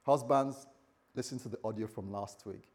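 A pastor preaches a sermon to his congregation, speaking animatedly with acted quotes and checking in with listeners through asides. His voice is lowish and his speed normal.

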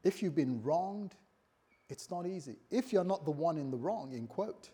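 Male pastor, husky tone, animated sermon delivery with hushed lows and loud peaks, speaks his own inner voice aloud. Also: moderate pace. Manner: animated preaching, jumps from quiet low lines to loud high bursts; acts out his own inner voice in quoted asides. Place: church service before a congregation.

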